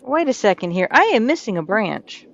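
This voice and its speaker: A woman co-host in an unhurried, conversational chat. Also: medium pitch, big pitch swings, fairly bright tone, slight background noise. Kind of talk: casual chat. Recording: dull lo-fi audio.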